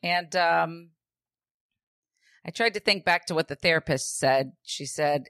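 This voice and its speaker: A woman with a fairly low voice co-hosts a podcast in casual chat. She tells her story in an animated way, jumping into the voices of the people she quotes. The sound is dry and close. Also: measured pace, pauses often, no room sound. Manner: animated, acts out quoted dialogue, swears casually. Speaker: podcast co-host.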